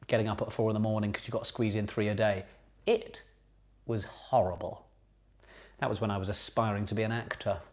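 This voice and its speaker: A man hosting a casual online pub quiz. He talks in a chatty, jokey way, repeats each question and reads out comments from viewers. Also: on the low side. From Britain.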